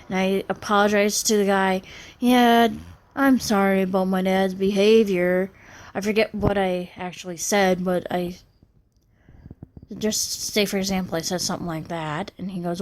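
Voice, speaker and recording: A woman in her thirties venting in a personal vlog, rambling and aggrieved, restarting her sentences often. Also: mid-range voice. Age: 30s. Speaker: vlogger.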